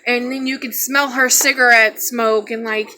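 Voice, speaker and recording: A young woman tells a personal story straight to her viewers in a loose, rambling way, acting out the voices of the people in it. Her voice is bright and sits a little high. A faint hiss of background noise runs under the recording. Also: normal speed. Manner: animated, rambling, acts out quotes. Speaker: vlogger telling a personal story. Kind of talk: casual storytelling to camera.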